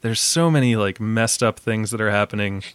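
A man's voice: fairly low pitch, moderate pace, smooth, no room sound. Young man, podcast host, casual film talk, self-mocking, dry close mic. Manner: chatty, self-mocking, laughs often.

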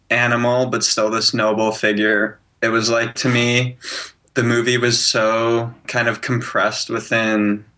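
Panelist, male, low and flat voice with a bright edge, hesitant and full of fillers. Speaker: podcast guest panelist. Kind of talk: casual film discussion.

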